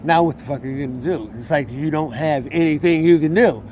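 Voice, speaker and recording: A man's voice: fairly high pitch, brisk. Heated, profane man telling his story outdoors. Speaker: interviewee. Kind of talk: casual street interview. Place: outdoors in a city. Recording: outdoor street noise.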